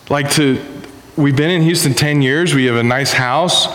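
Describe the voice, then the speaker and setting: A man in his thirties preaching a sermon to a congregation in a casual, animated storytelling way. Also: mid-range voice, moderate pace. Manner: animated storytelling, acting out voices. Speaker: pastor. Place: church hall. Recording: echoey hall with long reverb.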